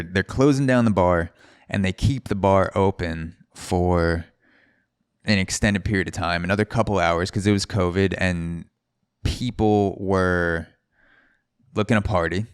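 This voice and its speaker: Deep-voiced man rambling through a story. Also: smooth, dry recording, clean studio sound. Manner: rambling, with restarts and swearing. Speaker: podcast host. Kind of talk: casual storytelling.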